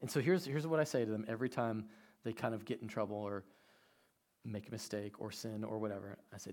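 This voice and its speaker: A man, preaching a sermon with animated storytelling that swings from quiet to loud. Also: lowish voice, fairly quick. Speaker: pastor.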